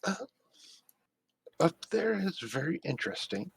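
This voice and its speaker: A man voicing a reserved, space-born character who answers calmly and briefly. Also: a little high, vocal fry, breathy edge, exaggerated voice. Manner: terse, calm, measured answers.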